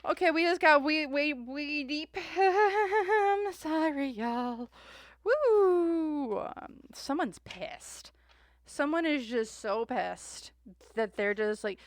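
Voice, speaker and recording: A woman's voice: high voice, animated, takes it slowly, pauses often, no room sound, clean studio sound. A young woman, reading tarot cards casually to camera and acting out imagined quotes with casual swearing. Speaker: tarot reader.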